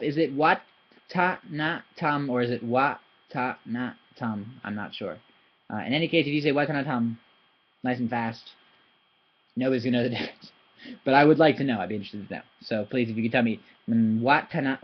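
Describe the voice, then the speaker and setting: A man who speaks English natively, teaching Thai pronunciation in a casual video lesson, talking in an animated, chatty way and slowly spelling out syllables. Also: mid-range voice, husky. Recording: slightly dull lo-fi recording.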